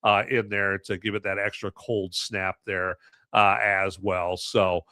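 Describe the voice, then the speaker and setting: A man's voice: low-pitched, flat delivery, a little slow, pushed and bright, no room sound, clean studio sound. A man hosting a live podcast, chatting casually in a rambling, self-mocking way with jokey asides. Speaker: podcast host reviewing movies and beer. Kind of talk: casual live-stream chat.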